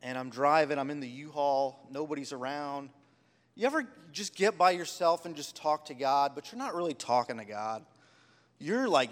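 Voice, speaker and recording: A man's voice: fairly high pitch, normal speed, long reverb tail. A man preaching a sermon, telling personal stories with heartfelt, rising emphasis. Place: church sanctuary.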